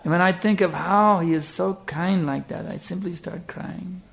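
A man voicing a humble, tearful, devoted old temple priest in a sermon story, speaking softly and earnestly. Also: high voice, moderate pace, creaky, voice pushed up.

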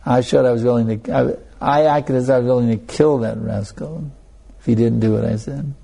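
A man's voice: medium pitch, fairly even intonation, moderate pace, gravelly, warm tone, slightly rough. A male spiritual teacher giving a sermon and telling a story, talking conversationally with frequent restarts and asides to his listeners. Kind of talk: anecdotal sermon.

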